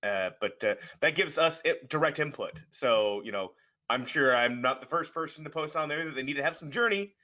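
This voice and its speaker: A man's voice: fairly high pitch, expressive, brisk, pushed and bright. A man answering as a guest in a casual interview, easygoing and rambling with many fillers.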